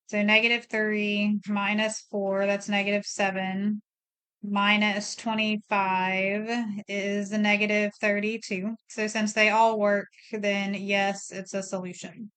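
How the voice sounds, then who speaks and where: A woman's voice: mid-range voice, a bit bright, smooth. A middle-aged woman teaching a recorded math lesson, explaining each step plainly and thinking aloud as she works.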